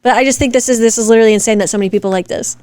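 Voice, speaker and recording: A woman's voice: on the high side, racing, a little mellow, dry recording, studio quality. A woman co-hosting a casual chat, reacting to comments in a blunt, fired-up way and swearing freely. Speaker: podcast co-host.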